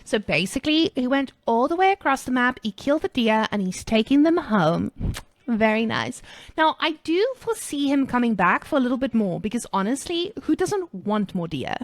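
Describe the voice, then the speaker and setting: A woman's voice: fairly high pitch, big pitch swings, dry recording. Woman doing a gushing Starbucks girl. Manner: gushing, upbeat, drawn-out exclamations. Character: bubbly American coffee-shop girl, young, gushing. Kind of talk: game commentary in a put-on voice.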